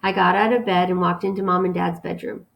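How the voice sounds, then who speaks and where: A woman teacher reading a novel aloud to her students in a calm, steady storytelling manner. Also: fairly low pitch, brisk, vocal fry.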